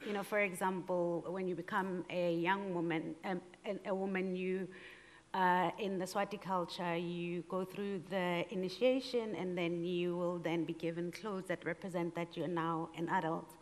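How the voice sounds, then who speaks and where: Nervous woman designer on a panel. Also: lowish voice. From South Africa. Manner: hesitant, with many fillers and light laughs. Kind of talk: panel discussion answer. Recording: long hall reverb.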